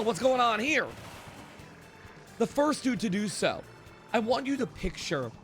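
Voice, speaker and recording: A man's voice: high-pitched, fairly bright tone. A young man streaming, telling a rambling story to his chat with lots of "like" and restarts.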